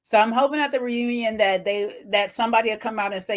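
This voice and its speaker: A woman hosting a casual reality-show recap, ranting and animated, with slang-filled conversational talk. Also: on the high side, fast talker, hardly any pauses. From not Jamaican, Belizean family ties.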